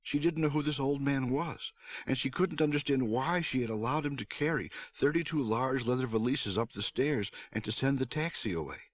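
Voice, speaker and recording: A man narrating a storybook aloud on his stream, with an expressive read-aloud delivery. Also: medium pitch, normal speed, no echo. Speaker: streamer reading a book aloud.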